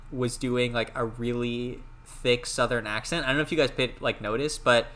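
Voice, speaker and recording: A young man co-hosts a casual movie podcast, his voice bright and forward. He chats animatedly, sharing trivia and acting out little mock quotes. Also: mid-range voice, fairly even intonation, moderate pace. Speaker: podcast co-host.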